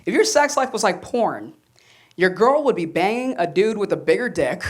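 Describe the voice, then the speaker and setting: On a comedy club stage, a young man with a high-pitched voice performs stand-up at a normal pace while the crowd laughs. He tells animated stories, imitating the voices he quotes.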